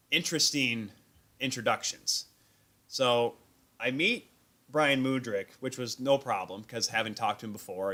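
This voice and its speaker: A man hosting a live sports talk stream, telling animated, self-deprecating stories about his encounters at an event. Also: mid-range voice. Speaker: host. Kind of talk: casual sports chat. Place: remote stream call.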